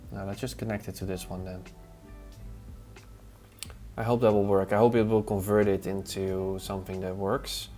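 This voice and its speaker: Low guy muttering to himself while he clicks through stuff live, chill music faint behind. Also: normal speed, pauses often. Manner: muttering to himself, answering chat between tasks. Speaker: live streamer testing design software. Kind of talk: casual live stream, thinking aloud while working. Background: relaxed music playlist.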